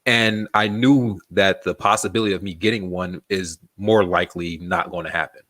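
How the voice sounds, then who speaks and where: A man with a very low voice tells a story as an interview guest, loose and casual, with a swear here and there. The sound is dry and close, with hardly any room around it. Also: steady tone, moderate pace, a bit bright, no room sound. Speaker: magazine founder, guest.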